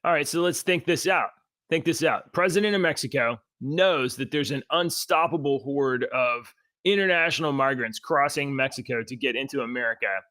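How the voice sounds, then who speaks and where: A man's voice: medium pitch, normal speed, pushed and bright, no echo. A man co-hosting a casual political chat show, talking in a rambling, exasperated and sarcastic way. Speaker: co-host.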